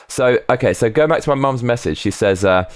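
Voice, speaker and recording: A man's voice: medium pitch, lively intonation, a little fast, smooth, no echo. A man on a casual live stream, rambling between topics, swearing freely and reading viewer comments aloud.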